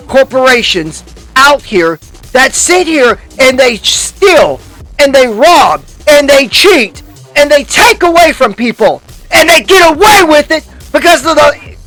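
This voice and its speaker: A man's voice: very high voice, fairly bright tone. A man hosting a YouTube commentary, delivering a heated, profane rant full of restarts and angry outbursts.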